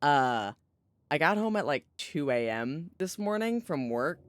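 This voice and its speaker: A tired streamer chatting casually while playing a story game, animated and joking, with some swearing. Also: medium pitch, a little slow, dry recording. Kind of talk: casual let's-play commentary, reading game text aloud.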